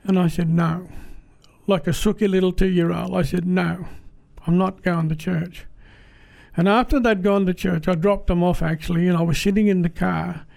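An Australian man giving a personal church testimony in a plain-spoken, halting, earnest way. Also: high voice, fairly even intonation, creaky, a little mellow.

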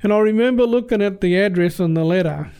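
A man's voice: sits high, fast, darkish tone, clear, resonant tone. An Australian man telling a personal story in an earnest, plain-spoken, conversational way. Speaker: guest telling his testimony.

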